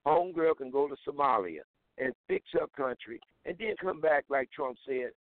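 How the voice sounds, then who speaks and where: A man's voice: medium pitch, animated, normal speed, no echo. A man calling into a talk radio show and ranting in a heated, indignant, blunt way. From Houston, Texas. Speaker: caller. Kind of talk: call-in talk radio rant. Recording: tinny phone line.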